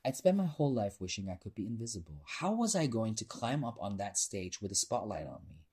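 Low husky male audiobook narrator. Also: big pitch swings, darkish tone. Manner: measured storytelling, lifting voice for dialogue. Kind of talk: scripted narration with character voices.

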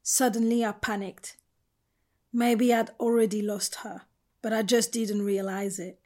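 Woman, audiobook narrator, first-person, measured and intimate. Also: medium pitch, level tone, a little mellow.

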